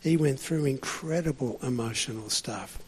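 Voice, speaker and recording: A man's voice: mid-range voice, moderate pace, slightly rough. Rambling preacher man, echoey hall. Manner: rambling, conversational, frequent fillers and restarts. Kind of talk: sermon.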